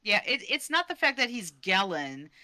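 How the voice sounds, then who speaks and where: A woman's voice: medium pitch, very animated, moderate pace, bright, forceful tone, dry recording. A woman playing a tabletop game, teasing and drawn out. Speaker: player.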